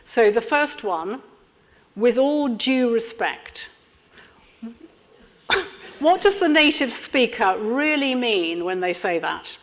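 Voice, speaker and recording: A woman leading an interactive training workshop, lively and constantly checking in with her audience. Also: fairly high pitch, slow pace, long pauses. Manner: lively, checks in with frequent "yeah?". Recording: lecture room with long reverb.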